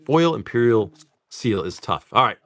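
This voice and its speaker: Lively, loose-talking man hosting a stream. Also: medium pitch, moderate pace, background noise. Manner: loose and talkative, swears casually, talks to chat. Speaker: host of a live card-pack opening stream. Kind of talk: casual live-stream chat.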